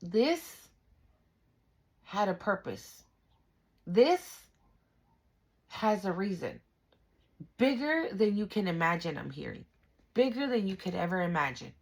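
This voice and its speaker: A woman in the middle pitch range reads tarot for her viewers at a slow, unhurried pace. She speaks directly to the viewer, dropping slang and frequent swear words as she stresses her points. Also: big pitch swings, husky. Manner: emphatic, slangy and profane, talks straight to the viewer. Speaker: tarot reader. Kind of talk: spiritual tarot reading to camera.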